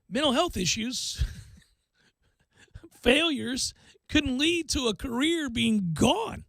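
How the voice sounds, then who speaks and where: Male sports radio host, high voice, excitable, acts out what people say, dry close studio sound. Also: vocal fry, dry recording. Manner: excitable, acts out quotes, laughs often. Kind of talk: animated sports talk.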